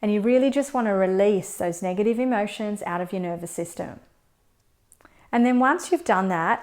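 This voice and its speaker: A woman coaching viewers through a tapping routine, explaining each step in a calm, gentle, measured way. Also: mid-range voice. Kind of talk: step-by-step instruction.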